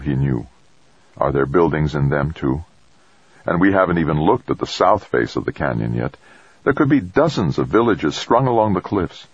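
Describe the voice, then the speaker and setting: A man narrating an audiobook in a measured, even storytelling manner. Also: rumbling low, breathy edge, no room sound, lo-fi sound. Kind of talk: scripted narration.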